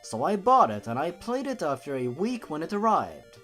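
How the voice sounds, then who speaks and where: A man narrating a horror story for laughs, reading deadpan and breaking off into sarcastic asides. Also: fairly high pitch, moderate pace, faint music behind. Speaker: YouTube narrator.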